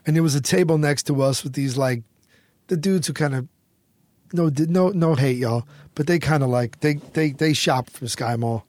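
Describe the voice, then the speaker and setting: A middle-aged American man telling a story as a guest in an interview, animated and quick to act out what others said. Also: a little high, no echo. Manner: animated storyteller, acts out quotes, swears freely.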